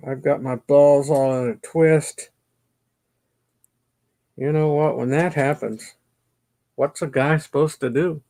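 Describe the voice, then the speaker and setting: A man's voice: fairly high pitch, vocal fry, a little mellow. A middle-aged man hosting his own channel from a home basement, chatting casually to the camera in a rambling, self-deprecating way and muttering to himself. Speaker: YouTube channel host.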